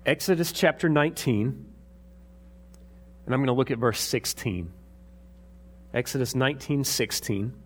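A man's voice: mid-range voice, animated, a little slow, long pauses. Guy preaching, casual chatty sermon, reads verses then explains. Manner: conversational preaching, reads scripture aloud. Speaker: pastor.

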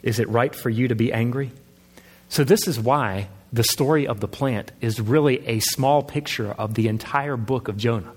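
A man's voice: mid-range voice, husky. A man pastor preaching a sermon in a conversational way, asking his listeners questions. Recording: long hall reverb.

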